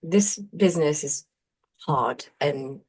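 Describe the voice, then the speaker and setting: Giggly, slightly low-voiced woman. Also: slow, darkish tone, slightly rough. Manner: chatty, laughs often. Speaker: voice actor and channel host. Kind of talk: casual chat.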